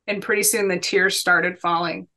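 A woman in her thirties speaks as a podcast guest, with a bright, ringing tone. She tells her stories earnestly and with emphasis, in a motivational way. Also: fairly low pitch, fairly even intonation, moderate pace. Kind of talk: conversational storytelling.

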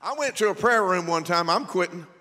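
A male pastor preaching a sermon, animated and comic, rising to shouts at his peaks. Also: high-pitched, fairly quick. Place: church sanctuary. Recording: long reverb in a church.

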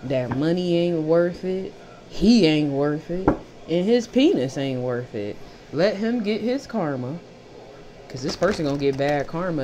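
A woman's voice: deep voice, expressive, unhurried, dark tone. A woman giving a casual tarot reading who talks bluntly, swears freely and repeats phrases for emphasis. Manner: blunt, profane and fired up. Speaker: tarot reader.

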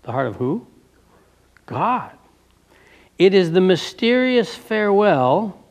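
A man's voice: fairly high pitch, gravelly. A man preaching a sermon, reading passages aloud and stopping to ask his listeners fervent rhetorical questions. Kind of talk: sermon reading from a book with commentary.

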